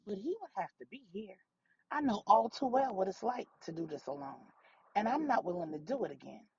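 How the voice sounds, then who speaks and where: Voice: medium pitch, expressive, a little fast, slightly rough, muffled recording. A storyteller voicing a frightened mother in hiding. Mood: anxious. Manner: quiet, shaken, tearful. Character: distressed woman, a mother in hiding.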